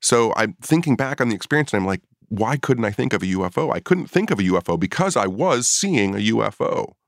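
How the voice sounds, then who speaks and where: A middle-aged man with a very low voice tells a story in a casual podcast chat. He is a paranormal investigator, and he jumps up in pitch when he acts out his own past reactions. The sound is dry and close. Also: lively intonation, a little fast, vocal fry, dry recording.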